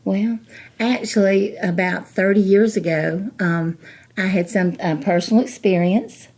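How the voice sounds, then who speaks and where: A woman's voice: medium pitch, measured pace, darkish tone. A middle-aged woman, a ministry director telling a personal story in a chatty, folksy way, full of "you know" asides and acted-out dialogue.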